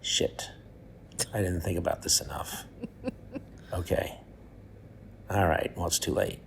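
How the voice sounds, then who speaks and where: A man's voice: low-pitched, slow, creaky, a little hiss or hum. A man giving a comedic recorded answer, rambling and mocking himself as he second-guesses his choice. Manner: rambling, self-mocking, talks himself into doubt. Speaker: celebrity guest sending a recorded question. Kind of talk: comedic monologue.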